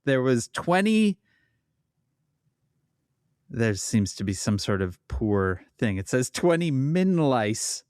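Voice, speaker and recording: A man's voice: mid-range voice, very animated, takes it slowly, long pauses, a little mellow, smooth, no room sound, clean studio sound. A man co-hosting a podcast in casual chat, reading items aloud and giving brief, amused replies. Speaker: podcast co-host.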